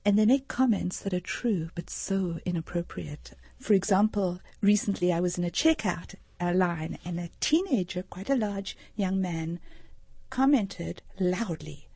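A woman's voice: fairly low pitch, moderate pace, a little mellow, slightly rough, dry recording. A middle-aged woman from Africa, a social worker explaining earnestly as a radio interview guest. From South Africa. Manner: earnest, explanatory, gives anecdotes.

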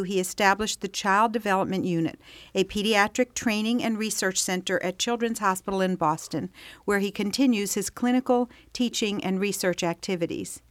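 A woman's voice: medium pitch, no echo. A woman co-host formally introducing her guests and asking the first question. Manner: formal, warm welcome.

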